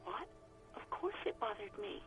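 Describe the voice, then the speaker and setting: A woman's voice: medium pitch, big pitch swings, moderate pace, fairly bright tone, soft background music, low-quality recording. A woman voicing a nervous young former bar waitress who talks on the phone, apologetic and evasive. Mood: anxious. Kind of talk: video game voice acting.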